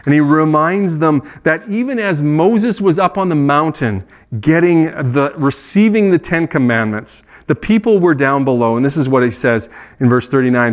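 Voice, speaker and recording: A middle-aged man preaching a sermon as a pastor, earnest and conversational, with asides and self-corrections. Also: fairly high pitch.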